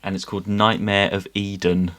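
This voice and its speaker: A man's voice: fairly low pitch, level tone, moderate pace, a bit bright. A man hosting a podcast in casual chat, easygoing as he wraps up the episode. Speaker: podcast host.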